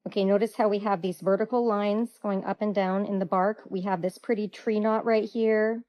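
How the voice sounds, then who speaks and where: A woman hosting a hands-on craft tutorial, chatty, playful and quick to get excited. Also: medium pitch, rough recording.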